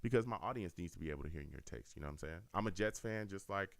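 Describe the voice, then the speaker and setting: A man hosts a fan call-in show with a very low, deep voice. He talks to listeners in an animated, repetitive way. The sound is dry and close, with no room echo. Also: fast talker, gravelly. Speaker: host of a fan radio show. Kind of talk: casual call-in show talk.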